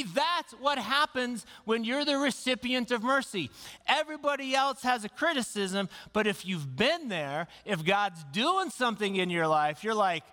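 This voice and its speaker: A man's voice: very high-pitched, expressive, a little slow, sharp tone, big-room sound. A man preaching a sermon, reading scripture and talking with his listeners in a conversational, joking way. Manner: conversational, humorous, reads scripture aloud. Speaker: pastor.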